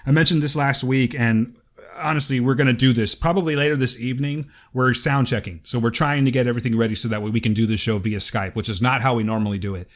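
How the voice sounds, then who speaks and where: Brief: man, casual podcast co-host, mid-pitched, profane and easygoing. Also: fairly even intonation, fast. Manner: profane, laughs easily, rambling. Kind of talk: casual chat.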